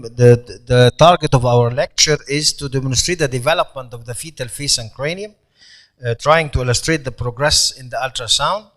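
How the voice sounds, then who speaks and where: A man giving a medical conference lecture, pausing often with fillers and restarts. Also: mid-range voice. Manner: hesitant, many fillers and restarts. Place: conference hall.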